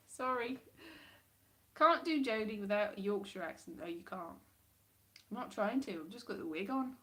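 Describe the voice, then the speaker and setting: A woman hosting a casual livestream from home, rambling, chatty and quick to laugh at herself. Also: mid-range voice, expressive, a bit bright. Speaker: livestream host.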